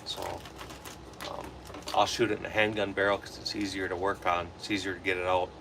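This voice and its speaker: A man's voice: sits low, flat delivery, a little fast, noisy background. A young man with a Wisconsin accent chatting casually on a livestream, rambling and answering viewers' comments while he works. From Wisconsin, USA. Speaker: livestream host. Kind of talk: casual livestream chat while reloading ammo.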